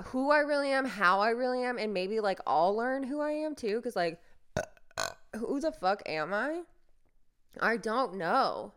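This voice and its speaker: A young woman talks through her own podcast in a loose, self-deprecating monologue, circling back with fillers and half-finished starts. Her voice is smooth and clear. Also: mid-range voice. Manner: rambling, self-deprecating, many fillers and restarts. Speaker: podcast host. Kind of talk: casual monologue.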